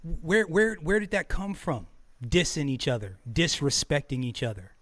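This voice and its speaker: High-voiced man ranting with laughs. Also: normal speed. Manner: animated, laughing, stammering repeats, heated. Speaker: podcast host. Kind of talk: casual profane streamed talk.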